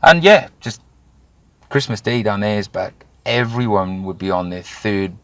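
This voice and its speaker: Male interview guest, 30s, gravelly low voice, dry close sound, blunt and animated storyteller. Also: unhurried, no echo. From Wales. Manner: animated, swears freely, acts out quoted voices. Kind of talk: candid conversational storytelling.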